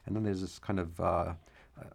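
A man talking as a guest author in an interview, reflective and measured, at times reading passages from his own book aloud. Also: sits low, steady tone, vocal fry.

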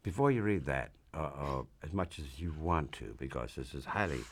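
A man hosting a broadcast interview, speaking haltingly with restarts and fillers. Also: a bass voice, expressive, slightly rough. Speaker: radio host.

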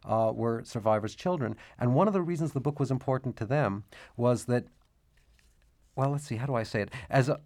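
A man talking as a guest author in an interview, reflective and measured, at times reading passages from his own book aloud. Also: mid-range voice, a little mellow.

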